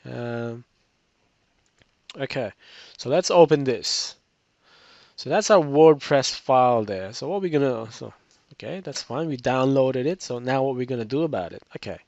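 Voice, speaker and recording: A man's voice: medium pitch, lively intonation, a little slow, creaky, darkish tone, no room sound. A tired man with a cracking voice, casually walking through a computer tutorial with many restarts and fillers. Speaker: web tutorial instructor. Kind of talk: screen-recorded tutorial walkthrough. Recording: dull, lo-fi screencast audio.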